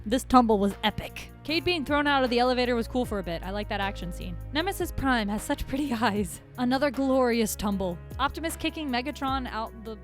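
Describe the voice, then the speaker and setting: A woman giving a casual, sarcastic and exasperated film review with animated outbursts. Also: on the high side, fairly quick, hardly any pauses, faint music behind. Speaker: movie reviewer. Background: lo-fi beats.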